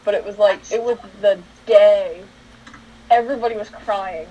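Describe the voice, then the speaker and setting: A woman's voice: medium pitch, moderate pace, muffled recording. A teenage girl from New Jersey co-hosting a casual podcast, chatty and wry, laughing at her own stories. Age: teen. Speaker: podcast co-host. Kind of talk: casual chat.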